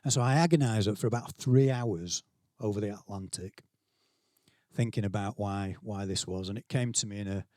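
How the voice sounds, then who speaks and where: Brief: middle-aged Yorkshire man at a conference, chatty keynote storyteller, lower voice, dry close sound. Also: normal speed, dark tone, no echo. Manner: conversational, self-deprecating, acts out quotes. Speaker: keynote speaker, school leader. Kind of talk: conference talk, anecdotal storytelling. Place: conference venue, speaking to staff.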